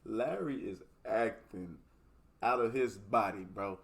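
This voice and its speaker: A man's voice: fairly low pitch, takes it slowly, creaky. A young man hosting a reaction video, laughing and cussing as he talks back to clips. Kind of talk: casual reaction commentary.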